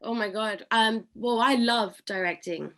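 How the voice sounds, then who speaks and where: A woman's voice: fairly high pitch, unhurried, sharp tone. A young adult woman from England, an actress, chatting casually as an interview guest and laughing often.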